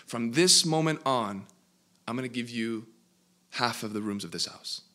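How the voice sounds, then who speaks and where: A male preacher voicing an exhausted man who pleads with and shouts at Jesus in a parable. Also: mid-range voice, unhurried. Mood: bargaining.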